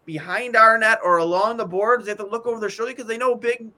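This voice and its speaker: A man's voice: high voice, fairly even intonation, fast, sharp tone. A man co-hosting a casual hockey podcast, ranting in an exasperated, rambling way with many stammered restarts. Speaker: podcast co-host. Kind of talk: casual sports talk.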